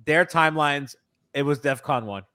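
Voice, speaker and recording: A man's voice: fairly high pitch, moderate pace. A man hosting a casual sports podcast on a video call, laughing often and reading viewer comments aloud. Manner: laughs often, excitable, reads chat aloud. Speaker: podcast host. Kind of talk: casual postgame chat.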